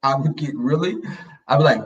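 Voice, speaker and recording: A man's voice: on the high side, fairly quick, far from the mic, dull audio. A man telling family stories in casual chat, blunt and slangy, acting out the voices of the people he quotes. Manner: animated, acts out quoted voices.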